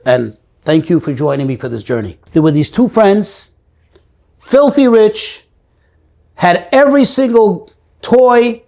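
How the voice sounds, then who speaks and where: A man, a rabbi hosting his channel, tells a comic story with a moral in an animated way, stretching words for effect. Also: fairly high pitch, gravelly.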